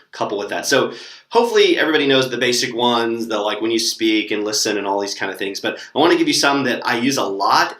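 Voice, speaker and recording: A man's voice: on the low side, roomy sound. A young man casually sharing tips for teaching online classes, with lots of ums and demonstrated words. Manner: relaxed, lots of fillers, demonstrates words with gestures.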